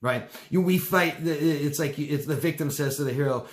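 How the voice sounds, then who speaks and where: A man coaches live and fields viewer questions in a casual, rambling style, repeating himself and sometimes mocking people in high-pitched voices. He talks briskly with few pauses, and the sound is reverberant.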